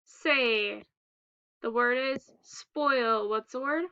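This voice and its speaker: Casting: high, bright woman teacher with clear, unhurried phonics drills and a slightly dull lo-fi sound. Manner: slow, deliberate, clearly enunciated word prompts. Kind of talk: phonics lesson for young children.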